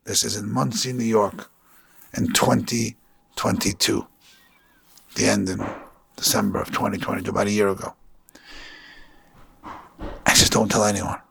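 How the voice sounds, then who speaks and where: Male rabbi, husky and gravelly, earnest sermon storytelling. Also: on the low side, level tone, measured pace, pauses often, sharp tone. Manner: earnest storytelling with Yiddish and Hebrew terms.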